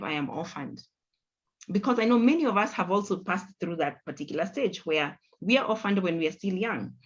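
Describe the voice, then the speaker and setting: Earnest woman hosting, lo-fi sound. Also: mid-range voice. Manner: earnest, reflective, repeats points for emphasis. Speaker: host. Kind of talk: conversational panel discussion. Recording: dull lo-fi audio.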